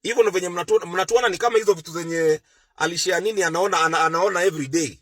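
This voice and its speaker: A Kenyan man giving mocking social media commentary in a sarcastic, drawn-out way. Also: sits high, a bit bright, no room sound, clean studio sound.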